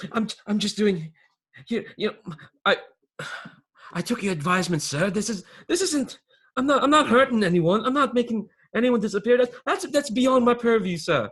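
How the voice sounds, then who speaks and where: A man's voice: high voice, lively intonation, moderate pace, a bit bright, slightly rough, voice pushed up, full character voice. A man voicing a sweaty, nervous male snuff dealer who stammers, repeats his words and keeps calling someone "sir", in a put-on accent.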